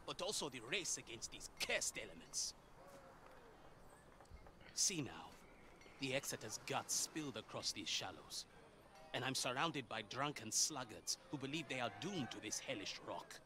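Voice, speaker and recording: An actor with an African accent playing a stern, scornful pirate quartermaster in a video game, speaking in theatrical, formal old-fashioned lines. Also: male voice, medium pitch, very animated, moderate pace, background noise, natural voice.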